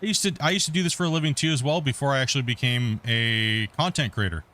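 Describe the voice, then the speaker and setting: Here the middle-aged streamer's voice lands mid-range, fast, bright and forceful. He hosts a multiplayer let's play, keeping the gameplay talk relaxed and meandering, often starting over mid-thought.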